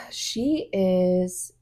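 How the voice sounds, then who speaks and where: Her voice is lowish and she draws out her words as she co-hosts a relaxed chat podcast. She tells stories animatedly, leaning heavily on fillers.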